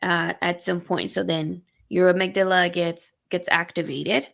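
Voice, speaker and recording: A woman co-hosting a casual podcast, walking through brain science in plain words. Her voice sits low with a gravelly fry, and she pauses often with fillers and restarts. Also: level tone. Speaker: podcast co-host. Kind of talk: casual explanatory chat.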